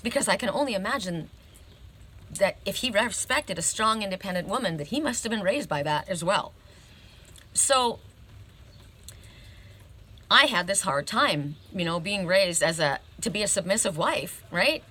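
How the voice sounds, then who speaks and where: A woman's voice: mid-range voice, lively intonation, normal speed, long pauses, pushed and bright, breathy edge. A woman reading oracle cards, telling a personal story in a chatty, emphatic way and often checking in with "right?". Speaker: oracle card reader.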